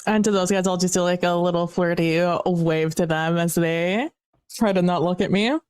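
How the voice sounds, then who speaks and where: Smooth-voiced woman playing a tabletop game. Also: fairly low pitch, fairly even intonation, moderate pace, a little mellow, no echo. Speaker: player. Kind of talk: tabletop role-play, describing her character's actions.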